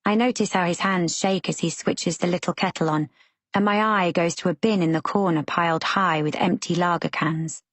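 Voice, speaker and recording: A woman reading a romance novel aloud as a calm, measured first-person narrator. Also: fairly low pitch, no room sound. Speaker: audiobook narrator.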